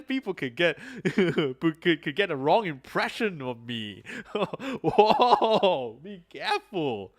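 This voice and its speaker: A man's voice: a little high, big pitch swings, slow pace, few pauses. A man streaming a game, making playful, joking commentary and laughing often.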